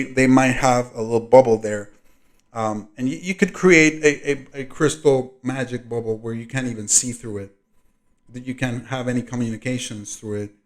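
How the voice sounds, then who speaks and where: A man hosting his own video, reading a diary aloud and breaking off into long commentary. He rambles, fills gaps with ums, and clears his throat often. His loudness rises and falls as he talks. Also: medium pitch. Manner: rambling, frequent throat clearing and fillers, loudness rising and falling. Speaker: video host.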